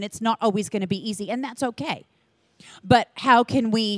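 A woman giving a conference talk to church leaders in an energetic, earnest, chatty manner with quick asides. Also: fairly high pitch, no room sound. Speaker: church children's ministry leader speaking to leaders.

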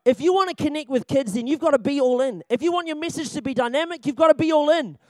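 A young man with a strikingly high voice gives a church training talk on children's ministry. He is jokey and animated, laughs often and hammers his points home by repeating them. The recording is dry and close, with no room sound. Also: quick pace, no room sound. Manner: repeats key points for emphasis.

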